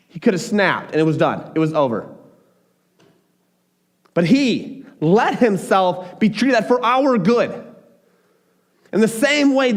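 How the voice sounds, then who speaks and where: Man, pastor, sermon, high-pitched voice, animated, emphatic, repeats himself.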